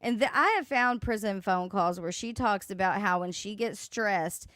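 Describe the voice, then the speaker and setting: A woman's voice: a little high, a little slow, hardly any pauses, fairly bright tone, smooth, dry recording, clean studio sound. A woman hosting a casual commentary livestream, mocking and swearing. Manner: sassy, mocking, swears a lot, laughs at clips. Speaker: livestream host.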